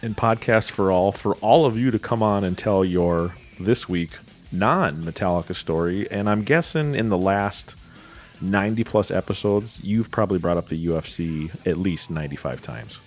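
Low-voiced male host, teasing and blunt, quick banter. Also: faint music behind. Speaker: podcast host. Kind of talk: casual chat.

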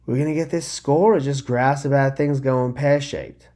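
A man's voice: mid-range voice, steady tone, normal speed, mellow, voice pushed up, lightly acted. A man voicing the brash youngest girl of a gang, mouthy and sarcastic with crude slang.

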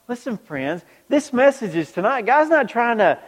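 A man's voice: very high voice, very animated, normal speed. A man preaching a sermon in a large church hall, throwing rhetorical questions back at the congregation. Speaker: pastor. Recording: long reverb of a large hall.

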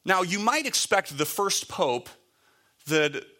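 Speaking slowly in a high, pushed, bright voice with big swings in pitch, a preacher gives a chatty sermon. He reads passages of scripture and talks them through, full of fillers and false starts.

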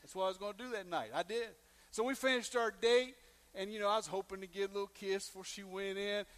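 Brief: male pastor, high-pitched, animated storyteller preaching a sermon. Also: quick pace. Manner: animated storyteller, acting out quoted lines with big swings in loudness.

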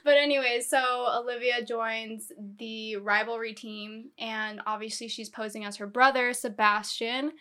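Bright-voiced chatty young woman. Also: a little high, steady tone, unhurried, hardly any pauses. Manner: chatty, storytelling, giggly. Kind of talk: casual chat.

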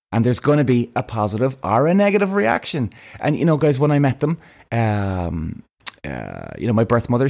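A young adult man talking to his viewers in a casual vlog, animated and swearing freely. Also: mid-range voice. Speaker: vlogger.

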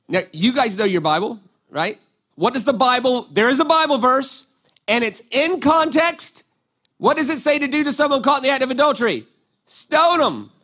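High-voiced, animated male preacher. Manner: animated storytelling, acts out quotes, frequent "right?" asides. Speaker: pastor. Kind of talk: sermon.

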